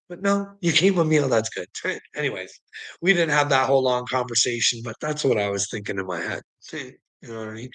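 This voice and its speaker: A man's voice: mid-range voice, lively intonation, a little fast, a bit bright. A man telling a personal story in a casual monologue, sarcastic and profane, swearing freely and laughing often between lines.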